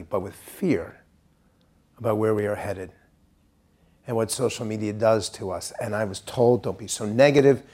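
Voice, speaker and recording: A middle-aged American man giving a speech to a university audience, telling a story in an earnest way and dropping quiet and grave at serious points. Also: fairly low pitch. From United States. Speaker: pollster giving a talk.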